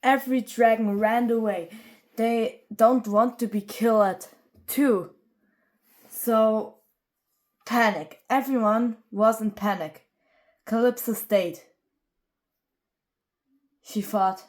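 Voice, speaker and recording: A woman narrating a homemade fan story, halting with pauses and fillers. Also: a little high, a little mellow.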